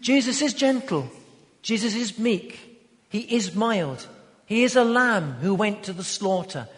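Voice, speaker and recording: High-voiced male preacher in a reverberant hall. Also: expressive, unhurried. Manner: emphatic, building to loud declarations. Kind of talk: sermon.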